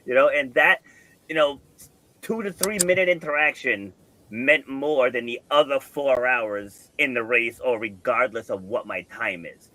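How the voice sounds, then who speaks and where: Podcast host, middle-aged man, bright and forceful, earnest storyteller. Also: mid-range voice, unhurried, no room sound. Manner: earnest storytelling, acts out quoted dialogue. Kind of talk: casual podcast conversation.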